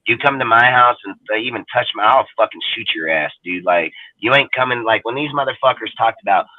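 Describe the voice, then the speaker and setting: A man's voice: medium pitch, lively intonation, a little fast, no room sound. A man from the United States co-hosting a casual talk show, ranting bluntly and heatedly with constant swearing. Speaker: podcast co-host. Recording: dry, phone-like band-limited audio.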